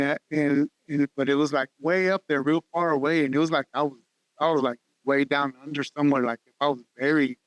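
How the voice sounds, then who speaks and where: A man telling a personal testimony in conversation, halting and earnest, often repeating words. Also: a little high, fairly bright tone, dry recording. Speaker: guest sharing testimony. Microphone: podcast studio mic.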